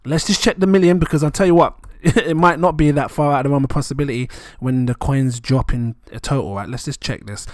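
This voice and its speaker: A man, rambling excitedly and chuckling often as he talks through numbers in a casual vlog. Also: medium pitch, fairly quick, few pauses, no room sound, clean studio sound. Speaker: crypto vlogger.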